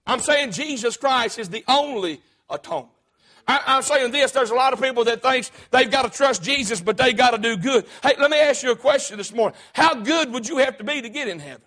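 A man's voice: very high-pitched, expressive, fairly quick, a bit bright. A man preaching a sermon, emphatic and punctuating his points with "hey".

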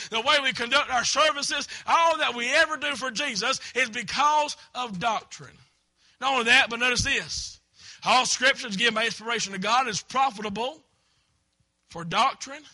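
A man preaching a sermon as pastor in a church, repeating phrases and breaking into emphatic shouts. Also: very high voice. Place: church sanctuary.

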